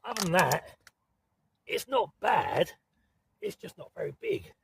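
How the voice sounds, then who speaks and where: A man with a gravelly voice and a southern English accent talks to camera from inside a small hot tent in woodland. His rambling, chatty delivery is peppered with mild swearing and quick apologies. Soft outdoor ambience hangs faintly behind him. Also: high voice, wildly swooping pitch, slight background noise. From southern England. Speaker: camping vlogger. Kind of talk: casual talk to camera.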